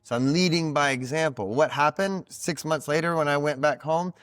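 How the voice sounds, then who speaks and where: A man's voice: a little high, normal speed, fairly bright tone, no room sound, studio quality. A man talking as a podcast guest in casual conversation, explaining ideas in a reflective, teacherly way with plenty of "like" fillers. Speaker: podcast guest, card reader.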